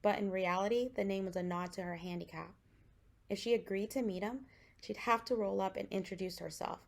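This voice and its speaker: A woman author reading a passage of her own fiction aloud in a steady, even manner. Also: mid-range voice, brisk, vocal fry.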